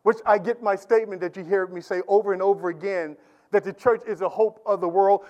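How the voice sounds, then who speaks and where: A pastor's Sunday sermon moves from quiet discussion into emphatic, repeated calls and questions to the congregation. His voice is high and animated, at a moderate pace, and the audio sounds dull.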